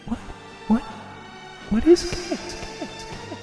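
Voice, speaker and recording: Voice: sits high, expressive, takes it slowly, voice pushed up. A commentator voicing a goofy, mock-baffled meme character who chants in a repetitive sing-song. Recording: echoey hall with loud music.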